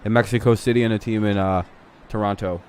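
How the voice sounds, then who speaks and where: A man's voice: lowish voice, fairly even intonation, fast talker, a little mellow, slight background noise. A man hosting a live stream, chatting casually and arguing with lots of swearing while he watches a game. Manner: profane, argumentative, rambling. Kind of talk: casual chat during a game watch-along.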